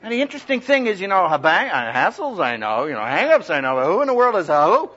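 A man giving a humorous, lively talk to students on how to preach, acting out the voices he quotes. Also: sits high, quick pace. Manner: animated, humorous, acts out quoted voices loudly. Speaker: preacher teaching speaking skills. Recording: dull lo-fi recording.

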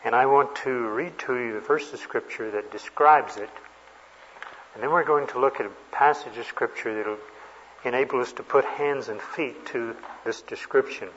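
A man delivers a sermon in a hall whose long reverb trails after each phrase. His voice sits at an ordinary pitch, and the recording is slightly dull and muffled. He tells stories folksily, pausing often on fillers. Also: fairly bright tone, a little hiss or hum. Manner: folksy storytelling with many fillers. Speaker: preacher.

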